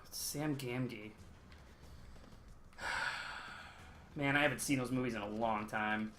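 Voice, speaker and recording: A man's voice: mid-range voice, steady tone, slow, background noise. Rambling young man with lots of ums. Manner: rambling, many ums and uhs, trails off. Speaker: streamer's boyfriend, guest on a game stream. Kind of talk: casual chat while gaming, reading chat.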